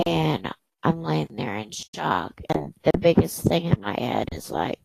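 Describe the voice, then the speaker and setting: A woman host telling a personal story in a halting way, with many fillers and restarts. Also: sits low, very animated, creaky, breathy edge, no room sound, rough recording.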